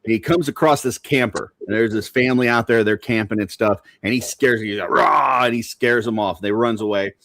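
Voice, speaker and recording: Male podcast host, low voice, loose rambling storyteller, dry sound. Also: fairly even intonation, a little fast, hardly any pauses, no room sound. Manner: rambling joke-teller, laughs loudly. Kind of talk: casual podcast chat.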